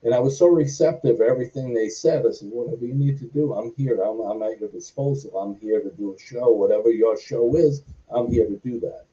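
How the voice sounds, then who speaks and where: A man's voice: mid-range voice, brisk, few pauses, mellow. A middle-aged man, a former wrestler and stuntman, telling a long rambling story as an interview guest, wandering off on tangents. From Boston, US. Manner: goes off on tangents, acts out quoted dialogue. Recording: distant, muffled audio.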